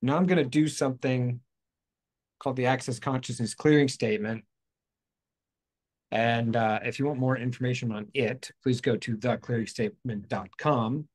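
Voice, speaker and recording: A man's voice: mid-range voice, fairly even intonation, moderate pace, darkish tone. A man hosting a spiritual talk show, talking casually in a rambling, playful way, correcting himself as he goes. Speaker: host. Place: outdoors in hot weather.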